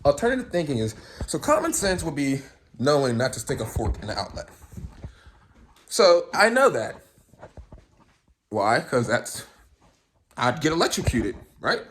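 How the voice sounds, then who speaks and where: A man's voice: fairly high pitch, a little slow, pauses often, slight background noise. A young man talking straight to camera in a loose, rambling rant, swearing freely as he tells a long story. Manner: animated, profane, rambling storyteller. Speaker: vlogger.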